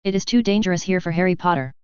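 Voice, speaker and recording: A small, anxious male house elf with a high-pitched voice, as a woman narrator puts him on. He talks in a pleading, distraught way in a storybook reading. The recording is dry and a little dull. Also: animated, racing, a little mellow, smooth, no echo, close to an everyday voice.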